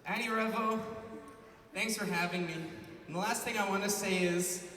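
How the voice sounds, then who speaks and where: A man's voice: high voice, moderate pace. A young man from Edmonton, telling chatty stand-up stories to a large convention crowd. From Canada, Edmonton. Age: young adult. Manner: chatty, animated storytelling with frequent "like"s. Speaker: stand-up comedian. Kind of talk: stand-up comedy set. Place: large convention hall stage before a big crowd. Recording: echoey hall recorded from far off with crowd noise.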